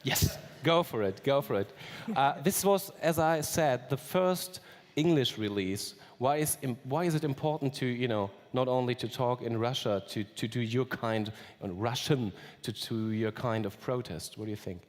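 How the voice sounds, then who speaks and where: A man moderates a live interview on a convention stage, stopping and restarting his sentences as he goes. His voice sits at a middle pitch, and the large hall gives it a long reverb. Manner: halting, with fillers and restarts. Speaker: panel moderator.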